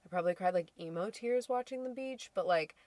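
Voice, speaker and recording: A woman's voice: on the low side, brisk, darkish tone, no room sound. A woman co-hosting a podcast in casual chat, chatty, laughing often, with many fillers. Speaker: podcast co-host.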